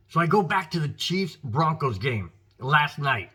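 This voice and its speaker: A man's voice: a little high, expressive, moderate pace, hardly any pauses, bright, forceful tone, breathy edge. A man with an American accent hosting his own football show, giving emphatic, frustrated commentary and talking straight to his viewers. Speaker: sports podcast host.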